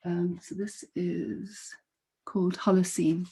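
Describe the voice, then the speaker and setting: A woman reads her poetry at an unhurried, measured pace. Her voice is mellow and dark, with a slightly husky edge. Between poems she drops into quiet, casual asides. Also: on the low side, level tone. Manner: slow, measured reading with soft spoken asides between poems. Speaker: poet. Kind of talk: poetry reading.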